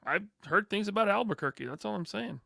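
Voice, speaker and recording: A man hosting a casual livestream who asks curious, teasing questions. His voice sits slightly high, has a gravelly, bright edge, and is recorded dry and close. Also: lively intonation, fast, no room sound. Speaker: livestream host.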